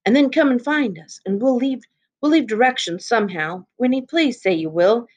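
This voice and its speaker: A woman's voice: fairly high pitch, animated, muffled recording, pitched above the performer's own voice. Woman doing folksy teen boy Jessie. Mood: urgent. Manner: quick, folksy, urgent. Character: hurried country teenage boy Jessie.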